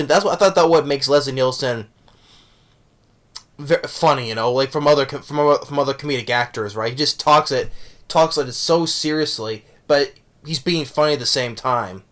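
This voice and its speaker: This man's voice sits in the mid range with a slight brightness. He gives a loose, rambling movie review full of false starts and self-corrections, laughing softly while recounting the jokes.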